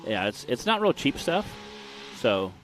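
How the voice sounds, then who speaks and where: A man's voice: medium pitch, very animated, measured pace, a bit bright, slight background noise. A man giving casual live commentary on an off-road race, chatty and joking, with restarts and fillers.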